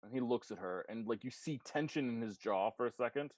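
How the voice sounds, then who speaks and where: A man narrating as game master of a tabletop game, relaxed and amused, with many fillers. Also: mid-range voice, a little fast, dry recording, clean studio sound.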